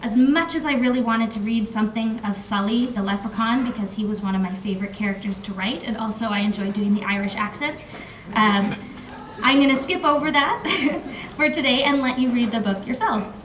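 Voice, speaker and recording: A woman's voice: a little high, a little fast, fairly bright tone, a little hiss or hum. Young woman author reading in an echoey room. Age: young adult. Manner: casual asides with fillers between readings. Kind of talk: reading aloud from her novel. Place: library room. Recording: echoey room, mic from far off.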